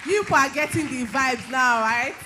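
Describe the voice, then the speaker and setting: A woman's voice: high voice, a little slow, bright, forceful tone. A woman who hosts a conference and keeps prompting the crowd in an upbeat way. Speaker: event host. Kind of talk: live event hosting. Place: conference hall with a live audience. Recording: noisy live hall audio.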